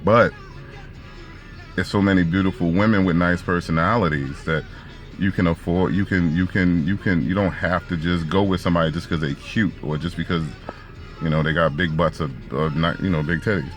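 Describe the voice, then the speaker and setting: Man with a low voice, casual storytelling monologue, slangy and profane. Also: fairly even intonation, moderate pace, soft background music. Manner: laid-back slangy and profane, frequent restarts.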